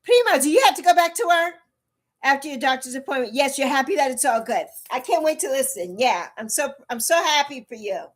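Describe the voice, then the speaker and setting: A woman's voice: sits high, animated, fairly quick. A woman in her early sixties chatting bluntly on a livestream, repeating herself for emphasis and answering her chat. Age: 60s. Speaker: livestream host.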